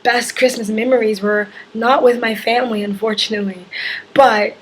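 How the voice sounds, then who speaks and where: Hoarse young woman vlogger, chatty. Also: on the high side, steady tone, normal speed, a little hiss or hum, rough recording. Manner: chatty, rambling, lots of "like" fillers. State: hoarse, husky from allergies. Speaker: travel vlogger. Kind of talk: casual story-time chat.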